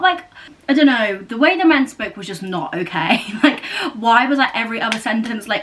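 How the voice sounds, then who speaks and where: Talking brisk and animated at a medium pitch, a young book vlogger chats casually indoors in her new house, rambling with many fillers and self-corrections. The background is noisy.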